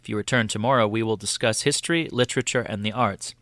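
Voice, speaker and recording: A man voicing a learned, earnest man who explains his ideas in a measured, formal way. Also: fairly low pitch, fairly bright tone, no echo, natural voice.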